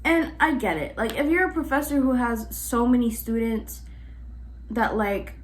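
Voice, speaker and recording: A woman in her twenties telling a story to camera in a casual way, animated and exasperated, with lots of fillers. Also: on the high side, normal speed, slight background noise. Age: 20s. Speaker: vlogger.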